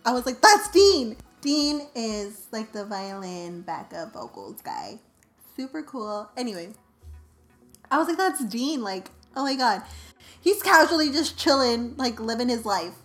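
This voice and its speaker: A young woman telling a story on her vlog in a casual, animated, self-mocking way, full of "like". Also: on the high side, measured pace, soft background music. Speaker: vlogger.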